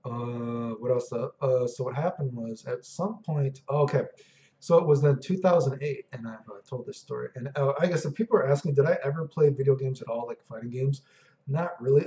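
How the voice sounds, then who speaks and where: A man's voice: mid-range voice, brisk, mellow, reverberant, dull audio. A man in his thirties casually rambling through personal stories, swearing a lot and often saying "dude" and "you know what I mean". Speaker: vlogger.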